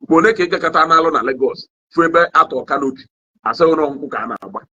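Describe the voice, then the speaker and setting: A young Nigerian man with an Igbo accent talks to his livestream viewers in an animated, sermon-like rant, his slightly high voice husky at the edges. He switches languages mid-sentence and keeps asking the audience whether they understand. The recording sounds dull and lo-fi. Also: very fast. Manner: code-switching, repeats "you understand?"; animated, swings in pitch. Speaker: online commentator. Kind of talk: casual monologue to a livestream audience.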